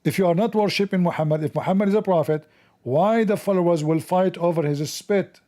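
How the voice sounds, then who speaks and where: A man's voice: high voice, a little fast, dark tone. A man hosting a mocking religious commentary show, sarcastic and scornful, in broken English. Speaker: host.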